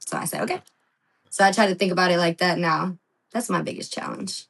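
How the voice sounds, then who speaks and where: Lively woman telling wrestling stories. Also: lowish voice, fairly quick, low-quality recording. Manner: lively storyteller, acts out quotes, laughs, swears. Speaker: wrestling guest. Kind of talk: casual podcast interview.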